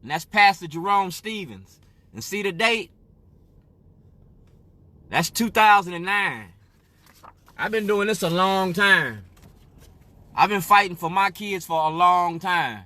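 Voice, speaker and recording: A man's voice: sits high, lively intonation, takes it slowly, long pauses, sharp tone. A man from Illinois speaking straight to camera in an emphatic monologue. He keeps asking "you feel me?". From Waukegan area, Illinois, US. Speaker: activist.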